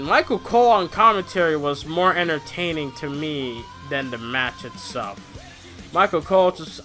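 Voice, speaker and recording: A man gives a loose, rambling review of wrestling shows, excitable and casually profane. His voice sits high and sounds bright and forceful. Faint music plays underneath. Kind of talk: casual commentary vlog.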